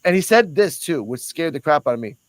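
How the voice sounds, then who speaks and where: A man with a high voice tells a story in a loose, profane, animated way. He slips into the voices of the people in his tale as he goes. The sound is dry and close. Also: brisk, dry recording, low-quality recording. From Puerto Rico. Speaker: host. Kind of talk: casual storytelling on a reaction show.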